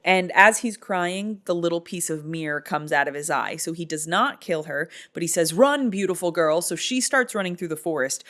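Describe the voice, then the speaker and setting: A woman's voice: on the low side, fairly bright tone. A woman in her thirties, casually recapping a movie in a chatty, amused, rambling way.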